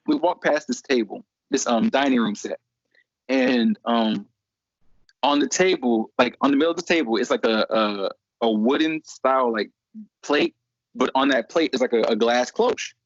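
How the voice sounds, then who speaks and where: A man's voice: mid-range voice, normal speed, no room sound. A young man in college telling a story casually, acting out the other people's voices. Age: young adult. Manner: animated, acts out voices in quotes. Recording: dry, dull lo-fi recording.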